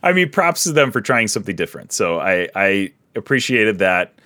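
A man's voice: lowish voice, very animated, normal speed, pushed and bright, dry recording. A young man co-hosting a podcast, reviewing a show in a rambling, filler-heavy casual chat. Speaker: podcast co-host.

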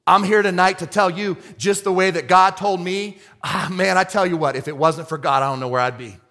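Male pastor, higher-pitched, impassioned storyteller; long church-hall reverb. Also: fairly quick. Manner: impassioned, storytelling, swings from hushed to loud. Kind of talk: sermon.

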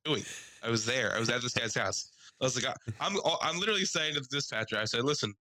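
A man telling a story in casual podcast chat, animated, acting out the people he quotes. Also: quick pace, dry recording, rough recording. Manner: animated, acts out quoted people in higher voices. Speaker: podcast co-host.

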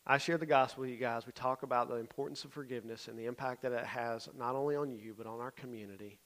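A man's voice: mid-range voice, steady tone, fast, fairly bright tone. A man, a youth pastor telling a story in a sermon, conversational and often checking in with his listeners.

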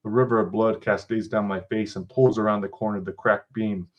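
A man's voice: on the low side, steady tone, brisk, dull audio. A man hosting a podcast, reading an interactive story aloud with casual, profane asides. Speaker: podcast host.

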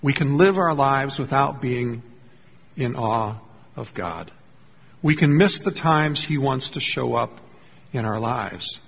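Husky-voiced man preaching in an echoing sanctuary. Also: mid-range voice, lively intonation, fairly bright tone. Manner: earnest storytelling, slowing to stress key lines. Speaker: pastor. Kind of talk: sermon. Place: church sanctuary.

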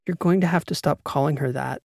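A man reading an audiobook voices a composed female spy handler in a measured, matter-of-fact way. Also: on the high side, vocal fry, darkish tone, no echo, clean studio sound. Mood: dry. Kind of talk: audiobook character voice.

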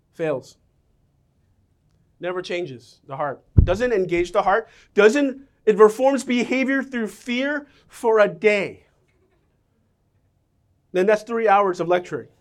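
A middle-aged pastor preaches a sermon, telling stories that poke fun at himself. He swings between loud outbursts and soft, low lines.

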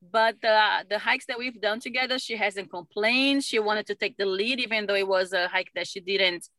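Bright-voiced mother telling a story. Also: medium pitch, normal speed, dry recording. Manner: animated storyteller, laughs often. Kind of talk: casual conversation. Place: lives in Utah.

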